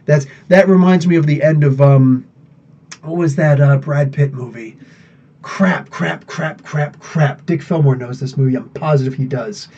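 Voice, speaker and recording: A man's voice: mid-range voice, moderate pace. A man hosting a live podcast stream, chatting casually, rambling and laughing as he answers viewers. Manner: rambling, animated, laughs often. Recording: dull lo-fi sound.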